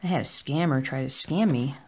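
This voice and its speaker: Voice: mid-range voice, a little fast, a little mellow, husky. A cross-stitch vlogger chatting casually at home while stitching, rambling with lots of filler words.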